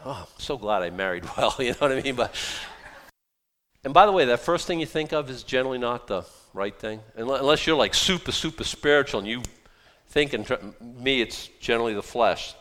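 A middle-aged man preaching a sermon in a casual, conversational way, with sarcastic asides and quick jumps in loudness. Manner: conversational, sarcastic asides, animated swings in pitch and volume. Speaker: pastor.

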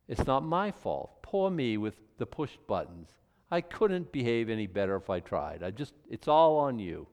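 A man's voice: on the low side, sing-song, a little slow, darkish tone. Man teaching scripture with folksy asides. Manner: reads scripture then jokes and comments conversationally; acts out mock apologies in voices. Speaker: preacher. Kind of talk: Bible teaching with casual asides.

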